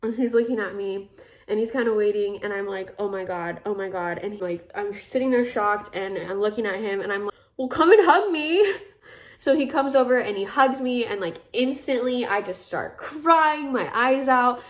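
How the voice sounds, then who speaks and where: A woman's voice: mid-range voice, normal speed, faint music behind. Chatty young woman telling a story. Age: 20s. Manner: chatty, filler-heavy retelling with many quoted asides. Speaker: vlogger. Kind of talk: casual storytelling.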